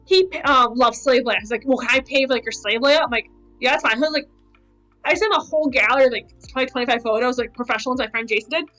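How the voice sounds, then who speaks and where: A young-sounding woman talks fast in a high, bright voice, rattling off anecdotes stuffed with "like." She chats casually on a podcast as a cosplayer guest. Faint music plays under her. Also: poor audio. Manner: chatty storyteller, many "like" fillers.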